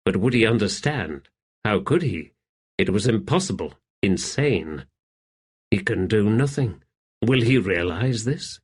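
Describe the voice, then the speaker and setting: Slow, low-voiced male audiobook narrator. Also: animated, breathy edge.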